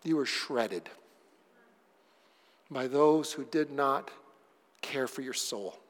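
A man preaching a sermon as pastor, moving from hushed pleading to loud, excited storytelling. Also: mid-range voice, takes it slowly. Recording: long hall reverb.

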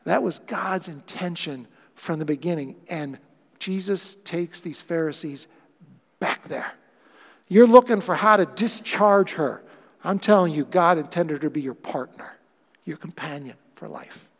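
Male pastor, sermon, high gravelly voice, animated, long hall reverb. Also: unhurried. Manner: animated, acts out quoted lines with playful voices.

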